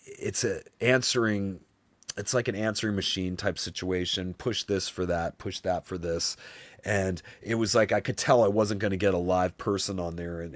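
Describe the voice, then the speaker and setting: A man hosting a live stream, telling a long story to his chat in a rambling, animated way, swearing freely and acting out other people's voices. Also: low voice, no room sound. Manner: rambling, animated, swears a lot, often says "you know what I mean".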